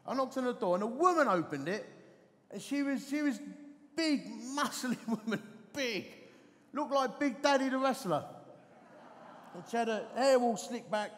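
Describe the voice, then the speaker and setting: A man, preaching a sermon as an animated, self-deprecating storyteller on a festival stage. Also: high-pitched, moderate pace, pauses often, big-room sound. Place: festival stage in a large hall.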